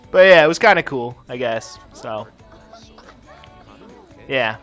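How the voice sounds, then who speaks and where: A man's voice: a little high, very animated, slow, long pauses, faint music behind. A man hosting a gaming channel, telling a story in a profane, ranting way while playing. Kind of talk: casual chat while playing a game.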